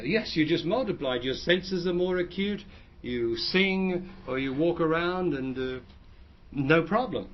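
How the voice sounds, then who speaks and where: A man who is a spiritual teacher, answering audience questions in a plain, explanatory way and often restarting his phrases. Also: fairly high pitch. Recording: dull lo-fi recording.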